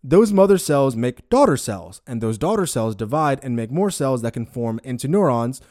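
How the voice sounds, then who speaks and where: A man's voice: mid-range voice, expressive, moderate pace, a little mellow, no room sound, studio quality. A man hosting a casual podcast chat. He laughs often and trips over big words as he explains what he has read. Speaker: podcast host.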